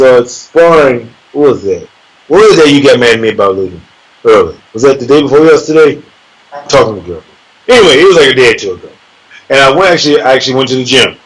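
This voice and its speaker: In poor-quality audio, a man speaking at medium pitch recalls a sparring episode as an MMA fighter guest on an interview. He's casual and profane, bringing the story to life with voiced characters and sound effects.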